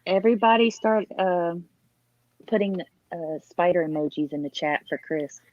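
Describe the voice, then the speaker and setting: A woman's voice: lowish voice, normal speed, darkish tone, no echo. A woman co-hosting a live chat show in a laid-back, easygoing way. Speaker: podcast co-host. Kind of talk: casual chat. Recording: slightly dull lo-fi sound.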